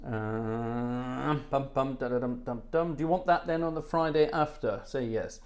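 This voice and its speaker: A middle-aged man chats casually to his live-stream viewers between pieces. He rambles from story to story with jokey asides, in a medium-pitched voice. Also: a little slow, a little mellow. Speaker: organist and livestream host.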